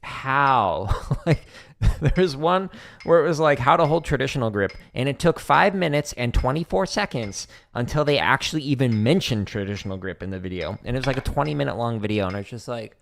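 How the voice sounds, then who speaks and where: Animated and brisk, a man with a medium-pitched, creaky voice hosts a drumming livestream from his home practice room. Between practice he chats casually, laughing and mimicking commenters' voices, with slight background noise.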